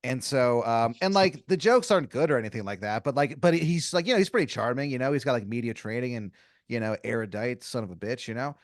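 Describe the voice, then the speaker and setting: A man's voice: mid-range voice, quick pace, no room sound, studio quality. A man narrating an improvised comedy story as game master, rambling with lots of "like" and restarts. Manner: rambling, full of "like" and restarts, many acted quotes.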